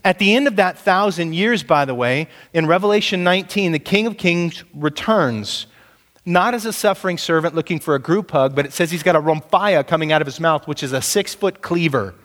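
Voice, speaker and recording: A man's voice: a little high, a little fast, a bit bright, long reverb tail. A man preaching a sermon as pastor, emphatic and punchy, asking his listeners rhetorical questions.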